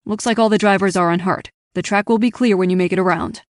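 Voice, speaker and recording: A woman's voice: mid-range voice, fairly even intonation, quick pace, no room sound, studio quality, close to an everyday voice. A woman narrating an audiobook, voicing a brash male race spotter who swears and barks urgent orders over the radio.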